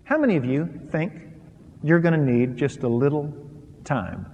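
A pastor preaching a sermon on marriage to a live audience, emphatic and animated, swinging between loud and soft. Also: male voice, fairly high pitch, moderate pace, muffled recording, a little hiss or hum. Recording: long reverb of a large hall.

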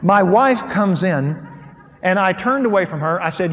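A middle-aged man preaching a humorous sermon, acting out his stories in an animated, folksy way. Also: high voice, normal speed. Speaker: pastor. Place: large hall with audience. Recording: hall reverb with faint ambience.

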